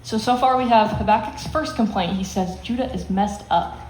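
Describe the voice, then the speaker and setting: A woman's voice: medium pitch, normal speed, a little mellow. A woman teaching a Bible lesson to students, explaining in plain words and acting out the quotes with emphasis. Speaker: youth Bible study teacher. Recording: echoey room, faint hiss.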